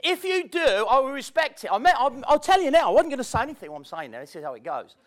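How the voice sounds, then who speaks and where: A man speaks on stage at a seminar, his voice pitched high and swinging up and down. He tells stories to the crowd in a chatty, self-mocking way. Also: very animated, fast talker. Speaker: motivational speaker. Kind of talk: live seminar talk to an audience. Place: seminar room with audience. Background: audience laughter.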